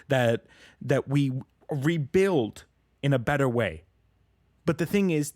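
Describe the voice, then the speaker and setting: A man's voice: mid-range voice, no echo. Impassioned man talking politics, dry sound. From Canada. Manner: impassioned, repeats words when worked up. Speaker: podcast producer and co-host. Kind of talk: casual political discussion.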